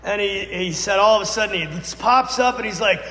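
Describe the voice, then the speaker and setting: A man, a Catholic priest, telling a dramatic story in a sermon, swinging between loud bursts and hushed lines. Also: sits high, brisk. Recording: echoey church with long reverb.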